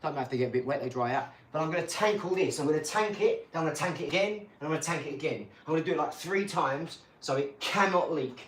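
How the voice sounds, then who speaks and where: A man's voice: on the high side, expressive, fast talker, few pauses, a bit bright. A middle-aged British man hosting a casual boxing livestream, rambling bluntly, swearing freely and talking to his viewers. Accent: British English.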